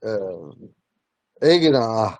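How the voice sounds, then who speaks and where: A man teaching a language class, telling stories in a relaxed way and laughing often. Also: on the low side, extremely slow, dry recording. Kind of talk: casual storytelling in class.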